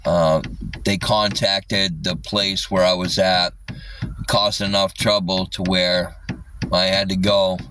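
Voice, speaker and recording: Low-voiced guy on his livestream, slow and rambly, swears a lot, mic kinda far off. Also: flat delivery, background noise. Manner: rambling, profane, halting with many fillers. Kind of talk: casual livestream chat.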